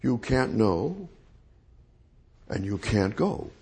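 Male Bible teacher, gravelly and unhurried; reads a verse, then repeats it in plain words. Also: fairly low pitch, big pitch swings, darkish tone.

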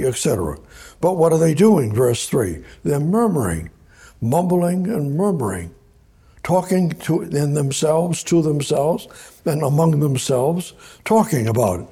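This preacher's voice sits fairly high and has a sing-song lilt, warm but slightly rough, at a measured pace. He reads scripture aloud during a sermon or Bible study, talking conversationally and repeating words.

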